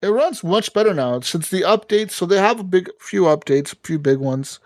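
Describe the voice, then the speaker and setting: A man's voice: high-pitched, normal speed, dry recording. A man co-hosting a gaming podcast, swearing freely and telling stories with lots of energy. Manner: profane, animated storytelling. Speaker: podcast co-host. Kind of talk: casual gaming podcast chat.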